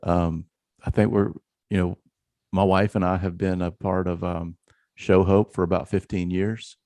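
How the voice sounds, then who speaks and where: A man's voice: sits low, level tone, unhurried, warm tone, dry recording. A man hosting a casual interview, asking earnest, rambling questions. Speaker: podcast host.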